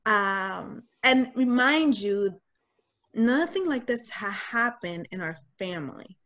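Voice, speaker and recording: A young woman telling a personal story in casual talk, candid and animated, acting out what people said. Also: medium pitch, slow pace. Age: young adult. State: getting choked up. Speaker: guest sharing a personal story.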